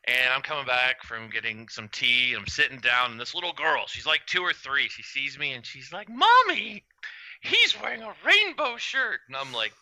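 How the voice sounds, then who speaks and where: A man co-hosting a podcast, telling funny stories in a lively, profane way. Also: medium pitch, brisk, few pauses, rough recording. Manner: animated storyteller, profane. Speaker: guest co-host.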